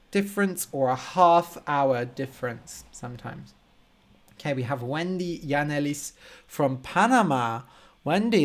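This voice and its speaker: Guy doing a live english lesson, talks real slow and clear, says hi to viewers. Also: fairly high pitch. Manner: slow, clear, simplified speech for learners; greets viewers by name and explains words. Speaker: language teacher hosting a live stream. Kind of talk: casual live-stream chat with viewers.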